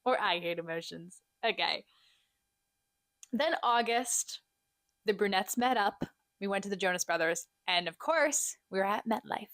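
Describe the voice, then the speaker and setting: A young woman co-hosting a podcast, catching up in a chatty, self-deprecating, animated way. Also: medium pitch, unhurried, no echo. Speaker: podcast co-host. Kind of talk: casual solo catch-up chat.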